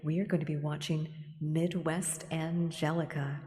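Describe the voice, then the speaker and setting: A woman streamer talking gently in a soft ASMR style, often slipping into a whisper. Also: sits low, little pitch movement, moderate pace. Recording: echoey room with long reverb.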